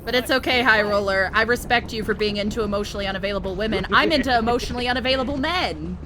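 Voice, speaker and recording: A woman's voice: on the high side, very fast, noisy background. A woman streamer chatting crudely and teasing her friends while playing a game online. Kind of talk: casual gaming stream chat.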